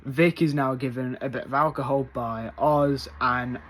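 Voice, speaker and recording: A man rambles through a casual spoiler review, full of fillers and restarts. His voice sits at an ordinary middle pitch and swings into loud, high excitement. A faint background hiss runs under the recording. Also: unhurried. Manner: rambling, many fillers, gets loudly excited.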